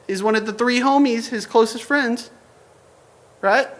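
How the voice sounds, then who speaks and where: A young adult preacher delivering a relaxed, informal sermon. The delivery is full of slang and joking asides, and the pitch sits in a middle range. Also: unhurried. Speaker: church preacher. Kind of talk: casual sermon.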